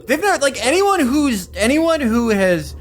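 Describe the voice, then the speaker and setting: A man voicing a giddy male adventurer in a high, excited, put-on voice. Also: a little slow, a little hiss or hum, heavily acted. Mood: indignant.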